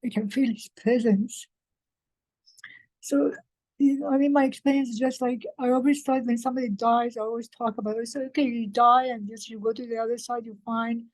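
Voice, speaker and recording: Woman, meeting participant, emotional and halting, somewhat high, mellow voice. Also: steady tone, no echo, poor audio. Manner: halting, emotional, many fillers and restarts. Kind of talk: casual group-meeting talk.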